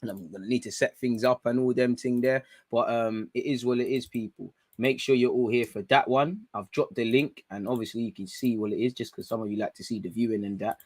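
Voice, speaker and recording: A young man, giving casual, excitable live commentary to viewers during a football watchalong stream, talking in slangy street speech. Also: mid-range voice, a little fast, hardly any pauses.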